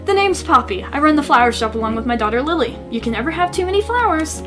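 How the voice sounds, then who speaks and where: A woman's voice: high voice, very animated, fast talker, over music. A woman voicing a kindly older man who runs a flower shop, speaking in a folksy way. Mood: fond.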